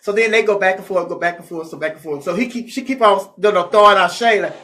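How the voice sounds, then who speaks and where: Sassy, bright-voiced gossiping host. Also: mid-range voice, fast, hardly any pauses. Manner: chatty, sassy, acts out the people in the story. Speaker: comedy talk show host. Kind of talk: casual gossip storytelling.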